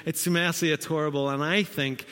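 A man's voice: a little high, steady tone, normal speed, fairly bright tone, smooth, long reverb tail. A man preaching a sermon in a conversational, storytelling way with self-deprecating asides.

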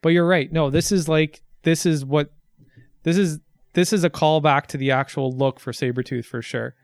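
A man's voice: a little high, moderate pace, no room sound, clean studio sound. A man in casual chat about a movie, easygoing and swearing freely, calling his friend dude and man. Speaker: movie watch-along co-host.

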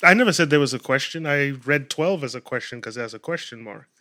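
A man's voice: medium pitch, animated, fast, sharp tone. A man in a Bible study, reading scripture aloud carefully and firmly defending how he reads it. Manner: careful reader, argues his point insistently.

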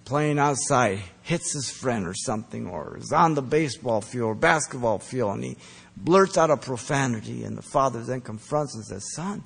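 A man preaching a sermon, earnest and emphatic, pressing his points hard and then dropping soft. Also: medium pitch, normal speed, creaky, husky. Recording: long reverb of a large hall.

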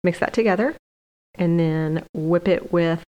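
A woman's voice: fairly low pitch, a little slow, a little mellow, lo-fi sound. A woman co-hosting a casual chat, talking freely and finishing her partner's sentences. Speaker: co-host.

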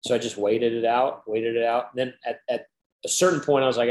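Guy in his 30s telling a story, says like a lot, average pitch, kinda echoey room. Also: steady tone, brisk, a little mellow. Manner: chatty, peppered with "like", acts out quoted dialogue. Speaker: interview guest. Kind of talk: casual storytelling.

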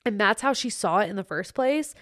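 A woman's voice: medium pitch, fairly quick, no echo, clean studio sound. Gushing young woman podcast host. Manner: gushing, excitable, chatty. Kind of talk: solo podcast chat.

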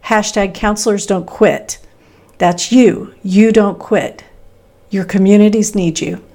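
A middle-aged woman from Texas with a Midwestern American accent, hosting a solo podcast in an upbeat, conversational way with emphatic pauses. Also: medium pitch, fairly even intonation, a little mellow. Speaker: podcast host.

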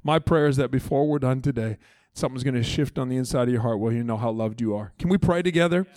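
A man's voice: medium pitch, fast, a little mellow, dry recording. A man preaching a church sermon as pastor, earnest and emphatic, with chatty asides to the congregation. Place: church service.

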